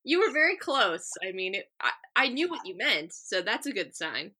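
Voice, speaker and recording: Bright, lively young woman co-host. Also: medium pitch, moderate pace. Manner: encouraging, teasing. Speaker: podcast co-host. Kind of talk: casual chat.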